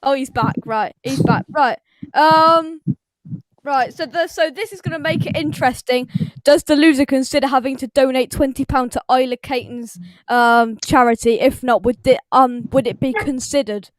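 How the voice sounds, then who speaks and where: A man's voice: very high-pitched, steady tone, moderate pace, dry recording, rough recording. A man hosting a casual livestream, rambling with many fillers. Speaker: host.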